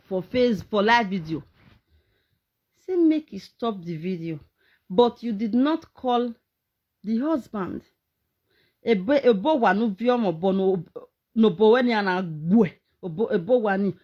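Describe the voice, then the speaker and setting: A woman's voice: on the high side, lo-fi sound. A Nigerian woman ranting on a live stream, mocking and scolding as she mixes pidgin and English.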